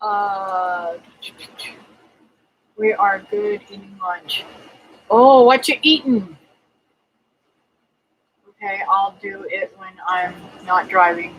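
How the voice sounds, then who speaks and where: A woman's voice: medium pitch, takes it slowly, pauses often, husky, dull audio. A woman hosting a casual homestead livestream, chatting and greeting viewers by name with lots of ums and uhs. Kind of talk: casual livestream chat reading viewer comments.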